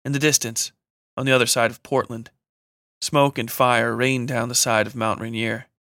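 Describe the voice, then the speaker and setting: In a close, dry recording with no echo, a man narrates a scripted horror tale at an even, measured pace. His voice sits mid-pitch and sounds bright and forward-edged, his delivery dramatic but controlled.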